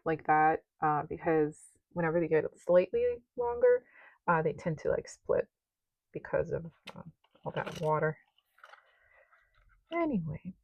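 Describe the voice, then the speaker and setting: A woman's voice: lowish voice, creaky, warm tone, dry recording, highs cut off. A young woman chatting casually while she sorts cash into budget envelopes, rambling with lots of fillers. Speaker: budgeting vlogger. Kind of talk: casual cash-stuffing commentary.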